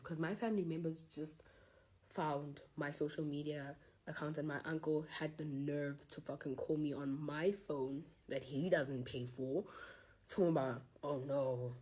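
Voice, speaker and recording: Husky young woman ranting. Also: deep voice, darkish tone. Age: young adult. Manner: heated, swearing, confrontational. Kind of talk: angry personal rant.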